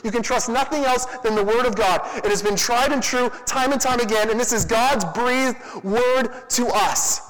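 A young male youth pastor preaching with lively, chatty energy and quick asides. His voice sits high for a man. The sound carries a long reverb from a big hall. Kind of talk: youth sermon.

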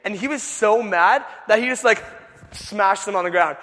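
A young man preaching a sermon, telling the story in a casual, animated way with many filler words. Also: high voice, moderate pace, slight background noise. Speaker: youth pastor. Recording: long echo of a large hall.

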